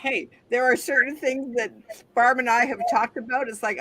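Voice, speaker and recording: A woman co-hosting a podcast, chatty and reflective, with animated asides. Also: on the high side, moderate pace. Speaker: podcast co-host. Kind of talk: casual conversation. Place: small studio.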